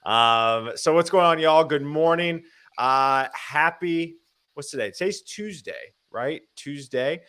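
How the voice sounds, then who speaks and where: A man hosting a live web show, talking in an upbeat, energetic, chatty way. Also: on the high side, slow pace, smooth. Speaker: host. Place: home in Nashville.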